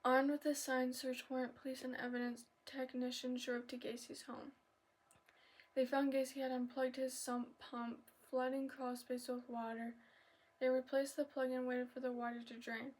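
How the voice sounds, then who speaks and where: A woman hosting an ASMR video, reading aloud softly, stumbling over words and apologizing, now and then dropping into a whisper and a little out of breath. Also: high-pitched, flat delivery, normal speed. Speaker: ASMR channel host.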